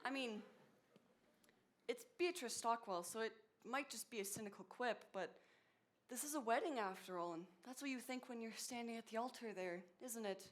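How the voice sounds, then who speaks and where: A woman playing a lonely middle-aged man who narrates a stage musical, rambling and confiding to the audience with halting restarts. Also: on the high side, close to an everyday voice. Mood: wistful. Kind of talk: stage acting, chatty monologue to the audience.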